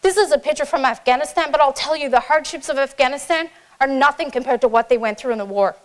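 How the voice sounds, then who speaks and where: A woman's voice: sits high, fast talker. A woman, a military officer, giving an earnest, impassioned speech to a conference audience and repeating phrases for emphasis.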